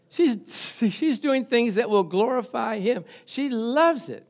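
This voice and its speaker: Man, pastor, sermon, high voice, excitable, laughs often, questions to the congregation. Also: measured pace, hardly any pauses.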